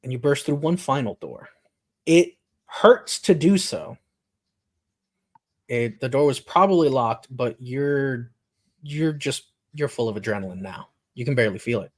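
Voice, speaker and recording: A man narrating a tabletop game as game master, telling the scene in a steady storytelling way with dramatic pauses. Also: medium pitch.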